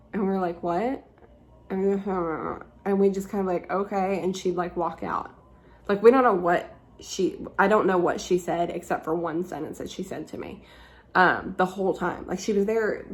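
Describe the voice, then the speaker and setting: A woman's voice: mid-range voice, gravelly. A young woman vlogger telling a story in a casual, chatty way, full of "like" fillers and the odd swear word.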